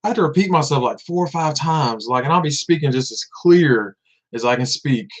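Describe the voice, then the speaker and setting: A man's voice: on the high side, lively intonation, brisk. A man in his thirties from Tennessee with a Southern accent, chatting casually on a livestream, laid-back and often laughing, repeating words as he goes. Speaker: vlogger. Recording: dull lo-fi sound.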